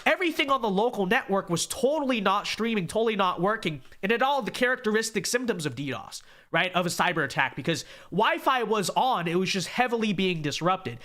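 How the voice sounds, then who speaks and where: Male live-stream host, a bit stuffed up, high and bright, sarcastic, talks to chat. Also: sing-song, brisk, hardly any pauses. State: congested.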